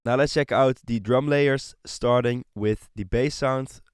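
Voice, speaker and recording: A man teaching music production in a screen-recorded tutorial, explaining in a relaxed way with many fillers. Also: medium pitch, measured pace. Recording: voice over loud synth and drum loops.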